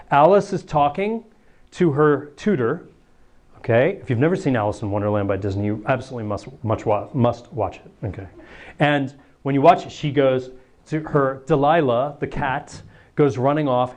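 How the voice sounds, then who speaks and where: A man, a priest, giving a lively talk to students, acting out little scenes and laughing as he goes. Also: medium pitch. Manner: animated, acts out voices, laughs often.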